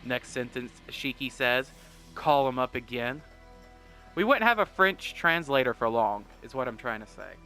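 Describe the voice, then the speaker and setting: Rambling, jokey young man with a bright voice. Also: medium pitch, lively intonation, moderate pace, hardly any pauses, faint music behind. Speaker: gaming commentator. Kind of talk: let's play commentary.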